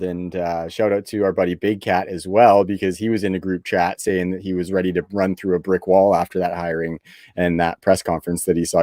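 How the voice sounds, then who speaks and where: A man from Canada hosting a podcast, relaxed and easygoing, laughing readily between filler words. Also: sits low, dry recording, studio quality. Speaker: podcast host. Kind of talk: casual podcast chat.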